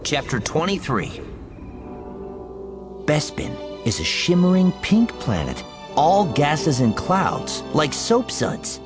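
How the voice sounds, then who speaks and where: A man narrating a story chapter in an expressive, playful way. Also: fairly high pitch, slow. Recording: background music under the voice.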